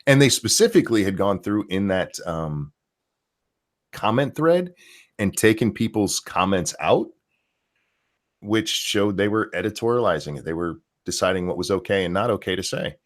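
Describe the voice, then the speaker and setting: Animated low-voiced man ranting casually. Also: normal speed. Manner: animated, profane, rambling. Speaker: podcast host. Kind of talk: casual opinion chat.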